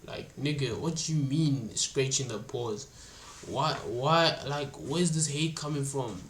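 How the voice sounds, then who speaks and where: A man's voice: medium pitch, takes it slowly, fairly bright tone, slight background noise. A man from Africa reacting live on stream, indignant and swearing, laughing now and then. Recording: roomy echo.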